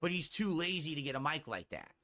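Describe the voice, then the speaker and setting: A man's voice: a little high, big pitch swings, brisk, sharp tone. A man in a clip from his stream, talking in a brash, profane, bragging way. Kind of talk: casual stream chat.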